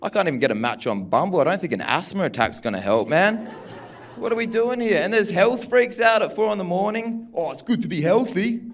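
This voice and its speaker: A young man doing a stand-up set in a comedy club, laid-back and mumbly, swearing often. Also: high voice.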